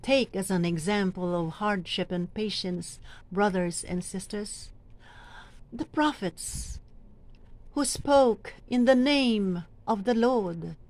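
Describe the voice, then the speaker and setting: Slow, deliberate Filipino woman reading scripture. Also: mid-range voice, a little mellow. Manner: slow, deliberate, emphatic reading with coaching asides. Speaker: lector trainer. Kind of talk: teaching and modeling scripture reading.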